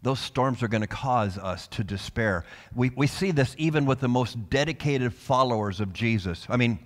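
Preaching pastor in an echoing church hall. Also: male voice, mid-range voice, expressive, normal speed. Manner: passionate preaching, swinging from soft to loud. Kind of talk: sermon. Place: church sanctuary.

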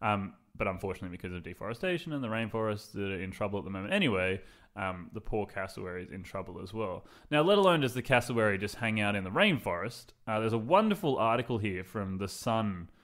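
Young Australian male podcast host, rapid casual rambling, lowish voice. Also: animated, fairly bright tone. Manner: rambling storyteller, lots of "like", playful voices.

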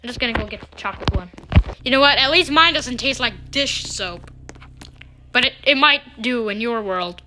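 A woman giving playful gameplay commentary, excitable, with sudden squealing exclamations. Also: on the high side, normal speed, noisy background.

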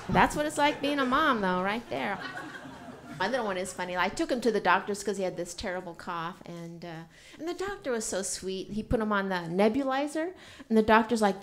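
A woman's voice: medium pitch, a little fast, a little hiss or hum. A middle-aged woman doing a stand-up comedy set, telling brash, profane stories. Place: comedy club stage.

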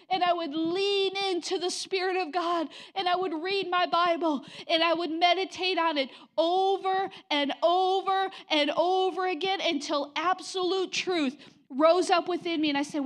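High-voiced woman pastor preaching. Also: moderate pace. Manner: impassioned, drops to soft whispers when quoting God. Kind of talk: sermon.

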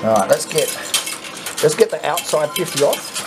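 An Australian man hosting a coin pusher channel, chatting casually and swearing when excited as he plays. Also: fairly high pitch, moderate pace, noisy background. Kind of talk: casual commentary while playing. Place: arcade coin pusher machine.

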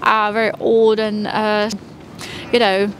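A woman street singer answering interview questions quickly, with many fillers. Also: medium pitch, completely flat delivery, slight background noise. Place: busy outdoor street. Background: crowd.

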